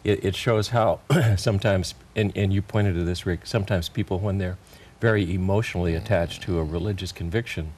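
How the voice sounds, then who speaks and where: A man's voice: sits low, steady tone, brisk, few pauses, darkish tone, slight background noise. A man on a Bible study panel, speaking reflectively while his lost voice is still coming back. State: recovering from lost voice.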